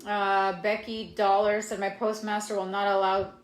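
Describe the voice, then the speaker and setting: A woman's voice: mid-range voice, flat delivery, normal speed, heavy background noise. A woman co-hosting a live-stream Q&A, reading viewer comments aloud and easily moved by them. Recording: roomy, echoey live stream with faint ambience.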